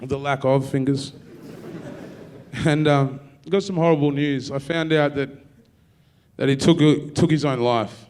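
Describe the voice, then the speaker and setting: A man with an Australian accent doing a stand-up comedy set, telling dark stories in a profane, deadpan way. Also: mid-range voice, measured pace, pauses often. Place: university theatre with live audience.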